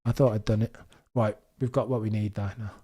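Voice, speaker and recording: A man from Birmingham with a mild Birmingham accent, hosting a live watchalong stream and chatting excitably with his viewers. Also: on the low side, fairly quick, slightly rough. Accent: mild Birmingham English. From Birmingham, England. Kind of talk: live streaming commentary chat.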